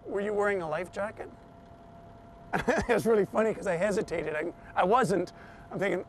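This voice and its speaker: A man with a high, light voice tells a personal story in a television interview. He retells it with energy and shifts his voice when he quotes other people. A faint hum of outdoor traffic sits under his speech. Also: a little fast.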